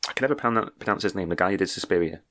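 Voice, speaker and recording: A man's voice: deep voice, very fast, a bit bright. A man co-hosting a casual podcast chat, often stammering, repeating words and laughing between points. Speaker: podcast co-host. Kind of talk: casual chat about a film.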